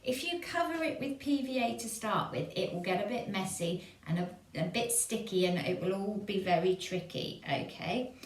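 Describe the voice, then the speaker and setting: An English woman with a gentle, encouraging manner, showing children a craft step by step for a church activity. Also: mid-range voice, animated, distant mic, a little hiss or hum. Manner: slow, gentle, encouraging, checks in with "okay?". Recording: echoey room, voice off-mic.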